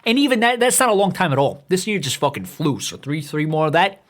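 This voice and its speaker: A man's voice: fairly high pitch, big pitch swings, fast talker, fairly bright tone. A man around thirty hosting a comedy podcast, ranting in a profane, heated way with stammering restarts. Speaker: podcast host. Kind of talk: profane comedic rant monologue.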